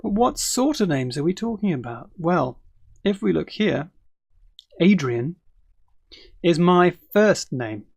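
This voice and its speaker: Slow, gravelly-voiced male English teacher. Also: on the high side, sing-song, dry recording. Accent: British English. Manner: slow, clear teaching delivery with spoken example phrases. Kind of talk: online English lesson.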